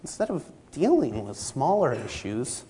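A man delivers a sermon in a relaxed, conversational manner. His voice sits at an ordinary middle pitch. He drifts in and out of little acted-out dialogues to make his point. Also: measured pace, husky. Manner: conversational, acts out dialogue in anecdotes. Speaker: preacher.

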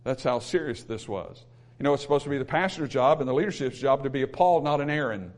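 A man's voice: medium pitch, lively intonation, fast talker, darkish tone. A male pastor preaching a sermon in an emphatic, repetitive way, with humorous asides.

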